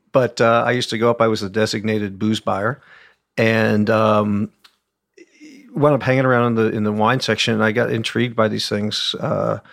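A man from Oklahoma with a low, gravelly voice, talking as a wine critic guest. He tells his stories at length and wanders into asides. The sound is close and dry. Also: dry recording. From Oklahoma, USA. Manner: rambling storyteller with many asides. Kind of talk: conversational interview.

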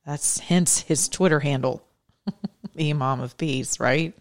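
A woman's voice: deep voice, takes it slowly. A woman hosting her own podcast, giving earnest, conversational religious commentary in a preacherly way. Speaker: podcast host.

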